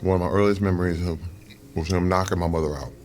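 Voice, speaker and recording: A middle-aged man, a guest in a casual interview, telling stories with lots of expression and putting on high voices when he quotes people. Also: fast talker, soft background music. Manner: animated storyteller, jumps to high mock voices for quotes.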